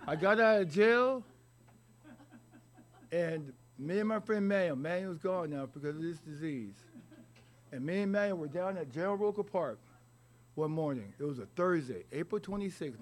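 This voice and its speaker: A middle-aged man telling his own recovery story in a rambling, halting way with wry humor. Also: fairly high pitch. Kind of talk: personal recovery story told to an audience.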